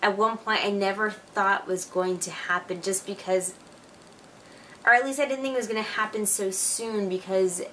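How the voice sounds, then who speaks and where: A woman's voice: on the low side, distant mic, slight background noise. Chatty young woman vlogging from home. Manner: chatty and excitable, with lots of "like" and "you know". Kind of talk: casual video letter to a friend. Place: at home, alone.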